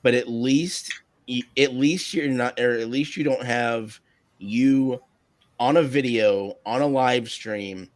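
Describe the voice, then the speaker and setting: A man's voice: mid-range voice, slow, dry recording. A man hosting a live stream, chatting casually with a co-host, hesitant and often chuckling. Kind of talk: casual chat.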